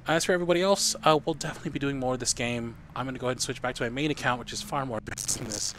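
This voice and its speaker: A man's voice: medium pitch, very fast, a bit bright, slight background noise. A man streaming a video game live, walking viewers through the steps in a chatty, explaining way.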